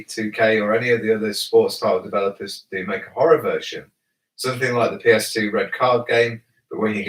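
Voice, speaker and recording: A man co-hosting a casual gaming podcast, answering in a dry, deadpan way. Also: fairly low pitch, far from the mic. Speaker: podcast co-host. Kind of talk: casual live-stream chat. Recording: echoey room, away from mic.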